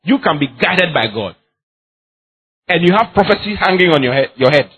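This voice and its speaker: A man's voice: a little high, animated, moderate pace, a bit bright, husky, muffled recording. A man preaching a sermon as pastor, emphatic and repetitive, often laughing as he speaks.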